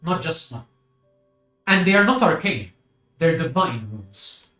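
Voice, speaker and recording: Slow-narrating game master, man. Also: fairly high pitch, very animated, pushed and bright, echoey room, soft background music. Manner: slow, descriptive second-person narration.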